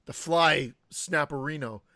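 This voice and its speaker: A man's voice: on the high side, measured pace, sharp tone, no room sound, studio quality. A man co-hosting a horror movie podcast in casual chat, joking, laughing often and acting out bits. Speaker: podcast co-host.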